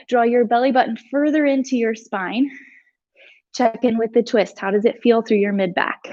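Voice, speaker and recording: A woman instructor leading a live yoga flow, giving calm breath cues with chatty asides, a little out of breath. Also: a little high, highs cut off. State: slightly out of breath. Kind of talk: live yoga class cueing.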